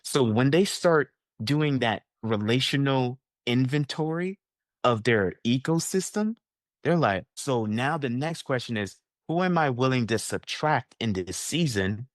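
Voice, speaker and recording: A man speaking as an interview guest, with a middle-pitched voice in a dry, close setting. He brings in quoted people with lively put-on voices as he explains his ideas. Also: a little slow, dry recording. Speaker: guest coach. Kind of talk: conversational interview.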